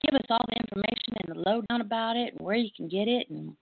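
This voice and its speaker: A woman's voice: on the high side, quick pace, creaky, no room sound. Texan lady hosting a chill chat, laughs a lot, sounds like a phone line. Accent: Texas Southern. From Texas. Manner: warm, chatty, laughs easily. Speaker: host. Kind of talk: casual chat.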